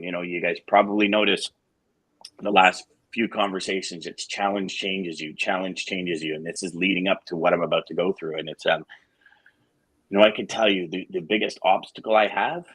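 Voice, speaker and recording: Deep husky-voiced male show host. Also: fairly even intonation, normal speed, fairly bright tone, no echo, rough recording. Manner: frank and emotional, with blunt swearing and jokes. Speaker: co-host of a live sales morning show. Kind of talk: candid casual talk to listeners.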